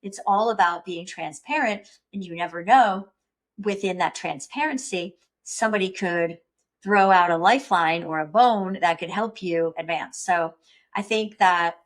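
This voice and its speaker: A woman hosting a podcast, talking earnestly and reflectively in a personal monologue. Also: lowish voice. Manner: earnest, self-reflective, acts out panicked inner voice. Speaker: podcast host.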